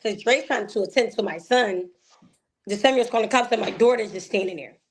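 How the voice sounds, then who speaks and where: A woman, a guest telling an emotional personal story in an animated way, acting out the voices she quotes. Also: mid-range voice, fast talker.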